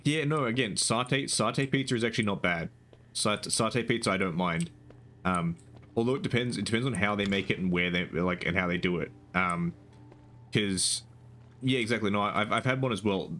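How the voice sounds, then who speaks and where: A man's voice: fairly low pitch, brisk, fairly bright tone. A young man streaming live, chatting casually and rambling with frequent restarts and casual swearing.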